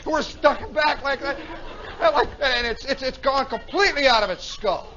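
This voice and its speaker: A man telling a story live at a nightclub, animated, acting out sound effects and voices as a radio host, on a dull 1960s recording. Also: very high voice, moderate pace, a faint crowd, a little hiss or hum.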